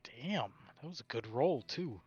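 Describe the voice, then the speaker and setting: A man's voice: mid-range voice, expressive, unhurried, a little mellow, husky, dry recording, dull audio, faint music behind. A man playing a tabletop role-playing game, talking bluntly and casually, a bit crude. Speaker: player.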